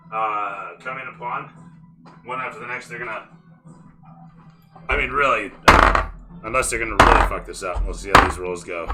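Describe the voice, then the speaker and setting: A man runs a tabletop game as dungeon master, and his voice is strikingly bright and forward. He describes the scene in cinematic sweeps, then breaks off into offhand, profane table talk. Soft background music plays beneath him. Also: fairly low pitch, normal speed, long pauses, rough recording. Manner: cinematic scene narration with casual asides and swearing. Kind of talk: narrating a tabletop game online.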